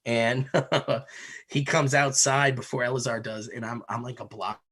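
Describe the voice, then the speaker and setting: A man's voice: mid-range voice, unhurried. A man from Connecticut hosting a podcast, telling a wild story in a casual, profane way, laughing as he goes. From Connecticut, USA. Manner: profane, animated, laughs through his story. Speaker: podcast host.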